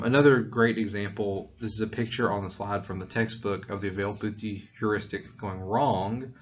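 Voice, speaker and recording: Southern-tinged man lecturing, dull audio. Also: fairly low pitch. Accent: mild Southern US. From Tennessee, US. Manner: conversational, explanatory, with fillers and restarts. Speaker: psychology lecturer. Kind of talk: recorded lecture.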